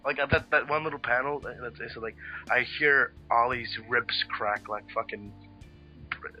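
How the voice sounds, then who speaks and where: A man in casual chat about a comic book, excitable and swearing freely, tripping over his words. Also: medium pitch, normal speed, muffled recording, faint music behind. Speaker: co-host reviewing a comic book.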